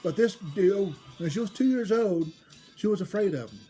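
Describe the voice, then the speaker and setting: A woman telling a family story in a rambling, casual way, getting loud and excited as it builds. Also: medium pitch, normal speed. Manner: rambling, restarts, grows loud and excited in the retelling. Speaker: storyteller host. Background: faint background music.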